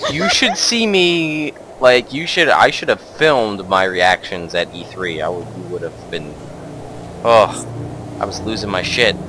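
A man hosting a casual online game session, excitable and giggly, chatting with friends over voice chat. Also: on the low side, a little slow, background noise. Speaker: let's play host.

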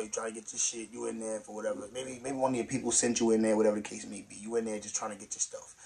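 A young man giving slangy, animated commentary on a news story, swinging from soft to loud. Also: mid-range voice, fast talker, gravelly. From New York. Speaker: vlogger reacting to news. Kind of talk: casual street-talk commentary.

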